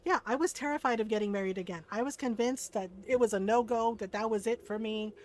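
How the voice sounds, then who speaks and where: Candid, slightly high-voiced woman streamer. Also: fast, darkish tone. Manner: candid, swears freely, laughs often. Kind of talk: casual storytelling while gaming.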